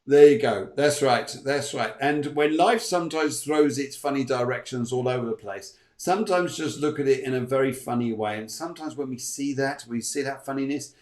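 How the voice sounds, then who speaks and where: A man's voice: medium pitch, brisk, hardly any pauses, faint music behind. Chatty playful man in an echoey room. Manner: chatty, playful, thanks viewers as he reads messages. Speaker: show host and medium. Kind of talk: live online chat show.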